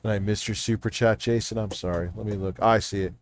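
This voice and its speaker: A middle-aged man streaming from home, loud and animated in casual commentary, swearing freely. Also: fairly low pitch, quick pace, a little hiss or hum. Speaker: streamer reacting to videos.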